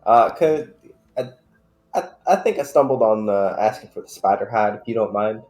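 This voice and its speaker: A man's voice: on the low side, normal speed, a little mellow, reverberant, faint music behind. A man playing a tabletop game who speaks hesitantly and stumbles over his words. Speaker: player.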